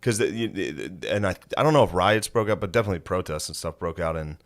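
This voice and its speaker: Deep-voiced man co-hosting a podcast, laid-back, dry and profane. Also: animated, quick pace. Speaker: podcast co-host. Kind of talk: casual chat.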